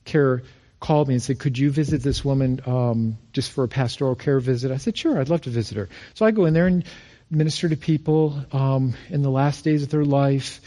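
A male pastor preaching a sermon, telling stories with emphasis and going quiet on key phrases. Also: mid-range voice. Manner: storytelling, quotes others in lively voices.

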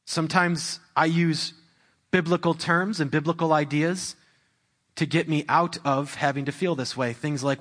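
A man's voice: fairly high pitch, fairly even intonation, normal speed, a bit bright. Man preaching a sermon into a mic. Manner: conversational preaching with restarts, building to raised intensity. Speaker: pastor. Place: church hall. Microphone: handheld or stand microphone.

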